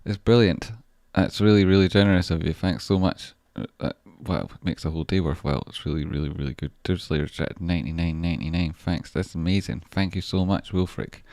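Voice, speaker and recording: A Scottish man with a deep, low voice talks loosely through a livestream, reading out chat and heaping on thanks. He swears freely and rambles in a relaxed way. The sound is close and dry, with no room around it. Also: a little fast, hardly any pauses, no room sound. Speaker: stock trading livestreamer. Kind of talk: casual livestream chat, reading viewer messages.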